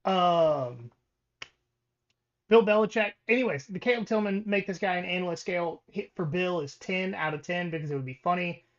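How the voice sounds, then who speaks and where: A man co-hosting a sports podcast keeps saying um and restarting as he reads off records in a relaxed way. He speaks at normal speed in a high voice, with dull audio.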